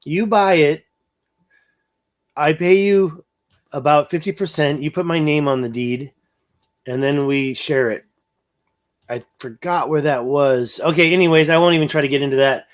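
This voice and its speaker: This livestream host has a voice on the high side, talking at a normal pace with frequent pauses. He thinks out loud in a rambling manner, panning across a map and reading out viewer comments.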